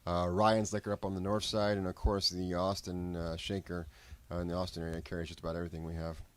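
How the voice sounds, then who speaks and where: A man with a lowish voice talks through rum cask finishes in a relaxed, explanatory way, often restarting his sentences. The sound is close and dry. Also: fast, no echo. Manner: explanatory, many restarts and fillers. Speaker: rum brand representative. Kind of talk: casual tasting talk.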